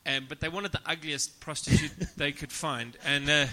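Male comedian, very bright voice, a bit high, laughs through his stories, crude self-deprecating humor. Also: fairly even intonation, normal speed. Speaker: comedian guest. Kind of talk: casual podcast storytelling.

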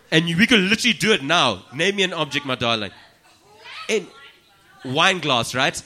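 A comedian chatting as a podcast guest, loose and profane in his storytelling. His voice is bright and forceful, sitting a little above the usual male range. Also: a little high, normal speed. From South Africa. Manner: profane, joking, animated storytelling. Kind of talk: casual chat.

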